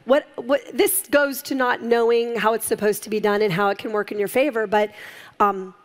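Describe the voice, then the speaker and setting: A middle-aged woman, a guest in an interview, telling her story in a lively way and acting out the people she quotes, laughing often. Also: on the high side, moderate pace. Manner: animated, acts out quoted voices, laughs often. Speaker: guest, entrepreneur.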